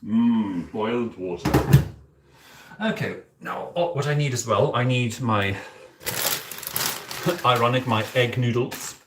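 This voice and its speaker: At a mid-range pitch, slow and pausing often, a cosplay streamer gives a lightly acted take on a campy, aristocratic male owl demon prince. He cooks live in an echoey apartment kitchen with background noise, giggling theatrically and calling his chat "darling."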